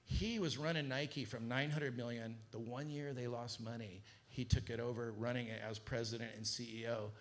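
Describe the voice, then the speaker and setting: A middle-aged man from Southern California telling a business story to an audience, acting out the quoted voices with a rising pitch. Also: normal speed, few pauses. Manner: animated, acts out quoted dialogue with rising pitch. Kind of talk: casual storytelling talk to an audience.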